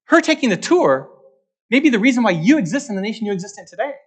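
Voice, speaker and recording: A man's voice: high voice, sing-song, quick pace. A man gives a luncheon talk as a market strategist, repeating his key points and checking in with the audience by asking "okay?". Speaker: guest speaker, market strategist.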